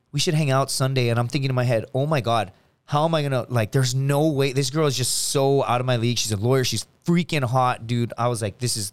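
A man guesting on a podcast, telling stories in a lively, profane, casual way and acting out other people's voices. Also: medium pitch, clear, resonant tone, no room sound. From United States. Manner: animated, profane, acts out friends' voices. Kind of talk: casual storytelling chat.

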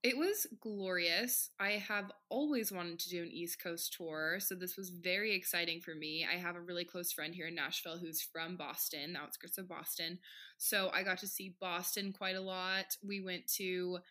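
Bright-voiced young woman chatting. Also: lowish voice, steady tone, moderate pace. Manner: playful, self-mocking storytelling. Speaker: podcast co-host. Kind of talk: casual chat.

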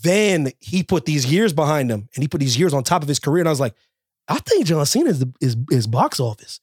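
A high-pitched man on a podcast with a voice that swings widely up and down as he rants. He is emphatic and repeats himself, and he breaks into exaggerated quotes of other people. The recording is dry and close. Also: sing-song, brisk, darkish tone, slightly rough, dry recording. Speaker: podcast co-host. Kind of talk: casual chat.

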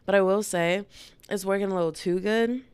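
A woman's voice: mid-range voice, fairly even intonation, fairly quick, a little mellow, smooth, no echo. A woman hosting her own podcast, chatting in a playful, rambling way while congested from a cold. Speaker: podcast host. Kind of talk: casual solo podcast chat.

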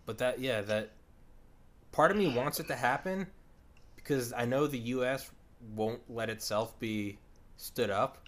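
A man's voice: medium pitch, measured pace, fairly bright tone. A man hosting a podcast in casual chat. He rambles and swears with enthusiasm. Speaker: podcast host.

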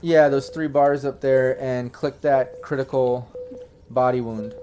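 A man's voice: mid-range voice, steady tone, measured pace, warm tone, a little hiss or hum. A man narrating as game master, rambling along with many fillers and restarts.

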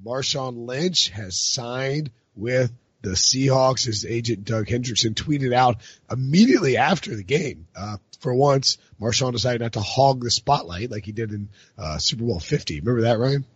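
A man with a low, gruff voice hosting a casual sports chat, joking and laughing. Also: animated, normal speed, few pauses, no echo, dull audio. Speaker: podcast host.

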